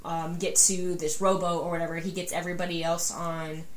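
A woman's voice: lowish voice, flat delivery, brisk, echoey room, slight background noise. A woman co-hosting a casual book podcast, retelling a novel's plot at length with many ums and restarts. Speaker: podcast co-host.

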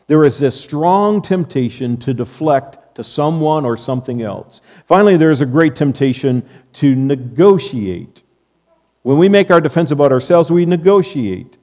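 A man's voice: a little high, a little mellow. A male pastor delivering a sermon to his congregation, repeating key phrases emphatically and quoting scripture. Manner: emphatic preaching with repetition. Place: church sanctuary.

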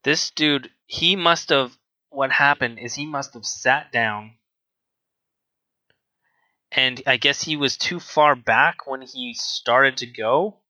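A man's voice: mid-range voice, slow pace, bright, forceful tone, no echo, rough recording. A man in casual chat, telling a rambling work story with restarts and acted-out dialogue.

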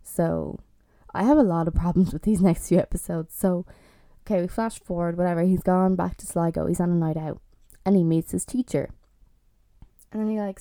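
A young Irish woman in her twenties vlogs about a TV series, sounding chatty and exasperated and using plenty of fillers. Her voice is on the low side and mellow, recorded with no echo.

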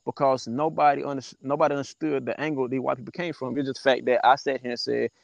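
A man guesting on a podcast, telling a story in a loose, profane, animated way and acting out what people said. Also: medium pitch, fast talker, creaky, no room sound. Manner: profane, animated, acts out quoted dialogue. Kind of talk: casual storytelling.

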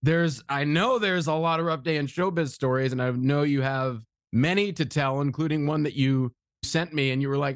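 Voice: medium pitch, moderate pace, few pauses, dry recording, studio quality. A podcast host who welcomes the guest and reacts with short, enthusiastic exclamations. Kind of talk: casual interview hosting.

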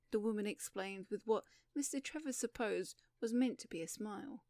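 A woman narrating a story in a measured audiobook reading. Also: medium pitch, lively intonation, vocal fry, a little mellow, no room sound, studio quality.

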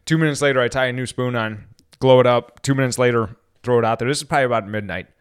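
A man's voice: mid-range voice, quick pace, smooth. A man co-hosting a podcast, telling a story in casual chat and acting out the quotes. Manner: animated storyteller, acts out quotes. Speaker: podcast co-host.

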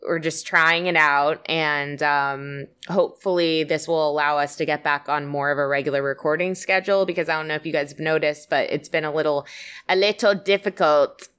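A young woman co-hosting a casual podcast, with a bright voice that still sits fairly low. Her speech is crisp and smooth. She chats in a bubbly, quick way and giggles easily. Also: fairly even intonation. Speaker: podcast co-host.

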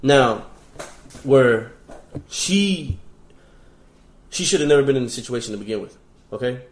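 A man's voice: medium pitch, animated, unhurried, roomy sound. A man talking in a casual chat, blunt and opinionated, swearing freely.

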